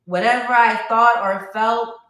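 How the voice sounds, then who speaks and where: Animated woman host in a roomy space. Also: fairly high pitch, measured pace. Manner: emphatic, animated storyteller. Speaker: podcast host. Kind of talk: casual chat. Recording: roomy echo.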